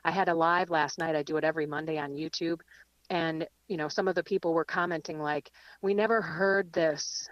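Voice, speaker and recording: A woman calls in to a radio show from her car. She tells her story in a lively way and laughs easily, with a slightly low voice. The audio is dull and lo-fi, like a phone line, with a dry sound. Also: fairly quick, dry recording. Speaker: guest speaker. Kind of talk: live radio chat and reflection. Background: rain.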